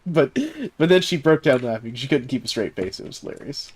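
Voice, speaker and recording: Speaking quickly with a medium pitch and lively intonation, a Southern US man who streams games and hosts a server chats casually on a live stream. His storytelling rambles, full of fillers and punctuated by chuckles.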